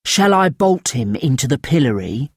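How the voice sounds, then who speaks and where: A man reading a story aloud, voicing an eager, officious male reeve who speaks in a loud stage whisper. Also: mid-range voice, big pitch swings, moderate pace, breathy edge, no room sound, studio quality. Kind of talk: audiobook character voice.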